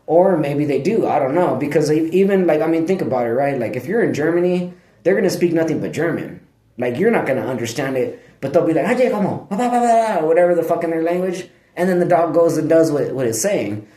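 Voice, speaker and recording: A man's voice: a little high, lively intonation, quick pace, warm tone. A man vlogging in casual, rambling talk, laid-back and profane, laughing often. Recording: echoey room.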